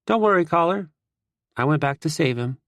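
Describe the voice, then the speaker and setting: A man's voice: fairly high pitch, lively intonation, moderate pace, fairly bright tone, no echo, voice pushed up. A playful young college athlete, as a man acts him out for an audiobook. He speaks eagerly in a lifted voice, dry and close to the mic. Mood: reassuring.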